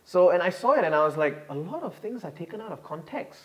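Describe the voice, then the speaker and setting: A man's voice: high voice, sing-song, fast, lo-fi sound. A young man from Singapore, earnestly explaining himself as an interview guest with many restarts. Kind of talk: interview answers.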